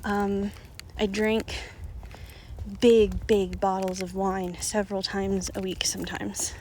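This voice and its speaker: A woman frankly telling a personal story to her viewers, swearing freely and moving between hushed near-whispers and emphatic bursts. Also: mid-range voice, level tone, takes it slowly, slight background noise. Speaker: oracle card reader and vlogger.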